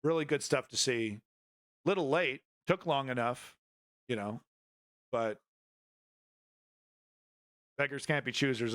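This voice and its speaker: Blunt, bright-voiced male commentary host. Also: medium pitch. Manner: blunt, rambling, swears freely. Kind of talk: casual political commentary stream.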